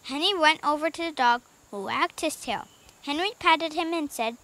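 A woman reading a children's book aloud in an expressive, lively way, with small slips now and then. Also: sits high, normal speed. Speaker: audiobook reader.

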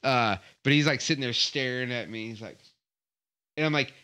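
Bright-voiced swearing host man. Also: mid-range voice, normal speed. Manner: swears freely, acts out other people's lines. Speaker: podcast host. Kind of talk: casual chat.

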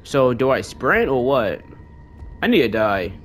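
A gaming streamer doing let's play commentary, cursing and mocking the game's enemies in a taunting sing-song, with excitable outbursts. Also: medium pitch, unhurried, slight background noise. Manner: profane trash-talking of game enemies.

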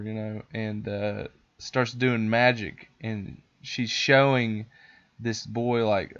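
A man hosting a podcast, telling a story in a rambling, profane, animated way. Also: on the low side, slow pace, dull audio. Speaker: podcast host. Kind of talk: casual storytelling chat.

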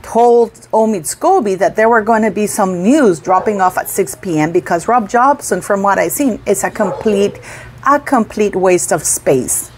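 A woman's voice: medium pitch, moderate pace, hardly any pauses, noisy background. A middle-aged woman hosting her own commentary channel, talking casually and indignantly, repeating words for emphasis.

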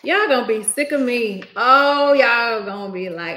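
A woman's voice: fairly high pitch, expressive, moderate pace, bright, forceful tone. A young woman hosting a casual livestream, chatty and exclaiming, often laughing, talking into a laptop microphone. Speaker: livestream host.

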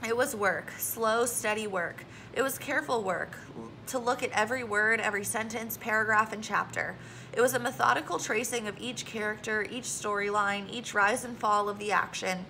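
Bright, gravelly woman reading a story. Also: medium pitch, normal speed, a little hiss or hum, low-quality recording. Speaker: audiobook reader. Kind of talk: reading a children's novel aloud.

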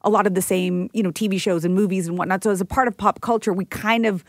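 A woman's voice: mid-range voice, steady tone, no echo, studio quality. Easygoing woman co-host. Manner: conversational, quick to laugh. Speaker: radio show co-host. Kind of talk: casual podcast chat.

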